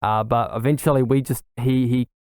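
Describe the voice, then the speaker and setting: Young man rambling eagerly, smooth voice. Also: mid-range voice, steady tone, normal speed, a little mellow, dry recording, studio quality. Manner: rambling, many fillers and restarts, eager. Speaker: podcast host. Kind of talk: casual solo chat.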